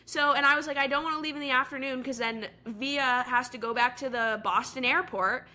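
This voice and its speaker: A podcast co-host in her twenties tells a story in casual chat. Her voice sits a little high, with a forceful, bright edge. She talks in a chatty way and fills her sentences with "like.". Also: a little fast. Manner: chatty, full of "like" fillers.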